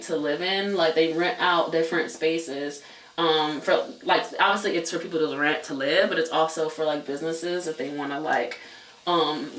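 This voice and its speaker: A man vlogging a casual storytime, talking fast and loose with lots of filler words and the odd swear. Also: a little high, a bit bright, far from the mic, slight background noise. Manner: chatty, many "like" fillers, swears. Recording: echoey room, voice away from mic.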